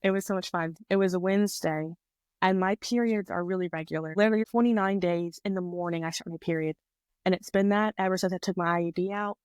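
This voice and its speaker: A woman in her twenties, a podcast guest, telling a personal story in a chatty, animated way on a close mic. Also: on the low side, fast talker, clean tone, dry recording. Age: 20s. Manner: chatty, animated retelling with quoted voices. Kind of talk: casual storytelling.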